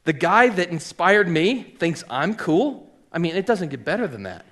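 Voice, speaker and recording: Animated man telling a story. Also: high voice, moderate pace. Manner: animated storyteller acting out quoted people. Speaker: hat shop owner. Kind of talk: storytelling talk.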